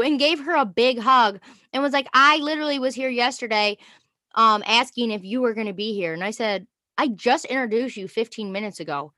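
A young woman co-hosting a casual chat, telling an animated story and acting out quotes with frequent laughter. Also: fairly high pitch, fairly quick, no room sound, clean studio sound. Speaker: podcast co-host.

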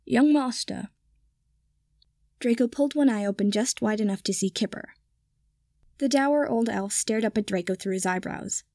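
A woman narrating a fan fiction audiobook in a steady, even storytelling manner. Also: medium pitch, moderate pace, dry recording, studio quality. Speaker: podfic reader.

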